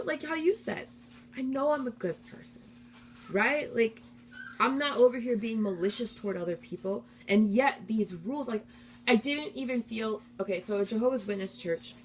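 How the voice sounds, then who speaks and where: A young adult woman hosting a live stream, talking candidly and heartfelt in a rambling, casual way. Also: medium pitch.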